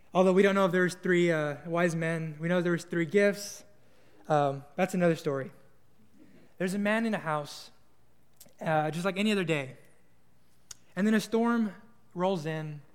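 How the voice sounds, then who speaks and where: A man's voice: high voice, smooth, in a large hall. A young man preaching a sermon, telling stories in a casual, earnest way with small restarts. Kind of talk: sermon with storytelling.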